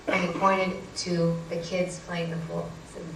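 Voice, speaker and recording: A woman author telling a story to a live audience, animated and self-mocking. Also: on the low side, moderate pace, slight background noise. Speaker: author and speaker. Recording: roomy hall, distant mic, faint ambience.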